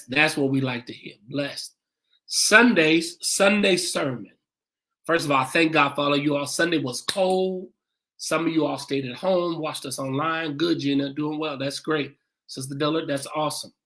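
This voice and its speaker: A pastor hosting a church livestream, greeting viewers by name and repeating "come on in" in a casual, welcoming way. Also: male voice, fairly high pitch, moderate pace, bright, forceful tone.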